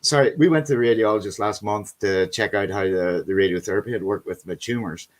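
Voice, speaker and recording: A man's voice: lowish voice, quick pace. A man hosting a casual video chat, telling rambling stories, swearing freely and calling people buddy and man.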